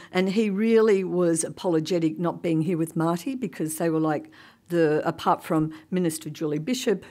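Low-voiced chatty woman speaker. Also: warm tone. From Australia. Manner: chatty, laughs often, many ums. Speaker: conference panel speaker. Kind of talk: conference talk, anecdotal. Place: conference hall.

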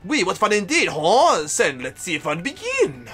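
A man's voice: sits high, huge pitch swings, measured pace, sharp tone, soft background music, pitched above the performer's own voice, full character voice. A man voicing a fussy male island guide with a put-on French accent and theatrical broken English.

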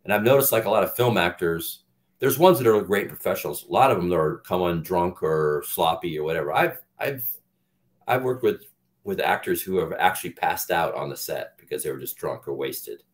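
A middle-aged man with a very deep voice talks as an actor guest on an interview show. He tells candid stories in a loose, rambling way, often restarting his sentences. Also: animated, normal speed. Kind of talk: casual interview chat.

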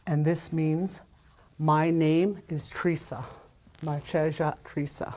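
Low-voiced older woman teaching haltingly. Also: fairly even intonation, darkish tone. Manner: halting, loses her place and restarts often; sounds out syllables slowly and repeats them. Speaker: language teacher. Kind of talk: informal language lesson.

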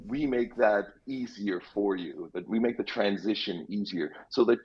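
A man speaking as a real estate guest on a radio interview, explaining things in an easygoing way with quick asides. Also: on the low side, slightly rough. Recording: dull lo-fi line.

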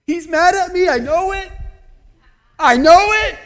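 A man voicing a bitter, despairing old widow who wails loudly and pities herself, with a slow, deliberate delivery. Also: very high voice, expressive, voice pushed up. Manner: wailing, loud and self-pitying. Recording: long church hall reverb.

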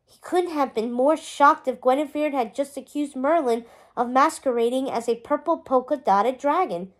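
A woman's voice: high voice, normal speed. A woman reading a novel aloud as narrator, telling the story expressively.

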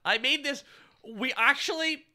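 A man's voice: extremely high pitch, unhurried, bright, forceful tone. A man giving a rambling, casual creator commentary, with many restarts.

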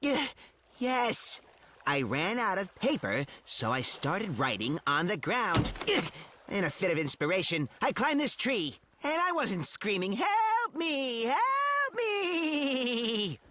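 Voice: mid-range voice, pushed and bright, slight background noise, full character voice. A voice actor playing a vain, poetic male cartoon bird who talks in a pompous, theatrical way in a cartoon dub with music behind. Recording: studio dub over music.

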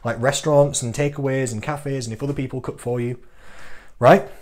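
A man, a fitness coach giving an energetic, teasing talk to camera full of rhetorical questions. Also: mid-range voice, brisk.

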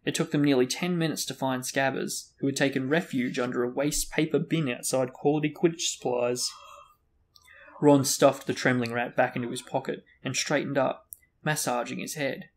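A man's voice: mid-range voice, fairly even intonation, moderate pace. A man reading a fantasy novel aloud as host of a book discussion. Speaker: reader and host.

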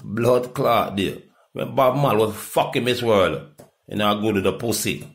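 A middle-aged Jamaican man in a rambling, profane monologue that swings from loud outbursts to low mutters. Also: a little slow. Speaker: reggae artist.

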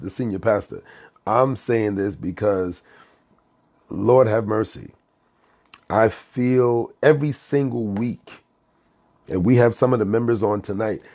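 Slow, husky-voiced pastor chatting live. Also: male voice, lowish voice, mellow. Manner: fervent, repeats phrases, greets viewers by name. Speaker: senior pastor. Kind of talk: casual live-stream chat with viewers.

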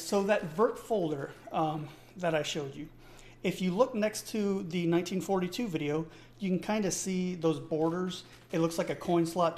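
A man's voice: on the high side, darkish tone, a little hiss or hum. A man hosting a casual live-streamed tech tutorial, chatty and enthusiastic, thinking aloud and often checking in with his chat.

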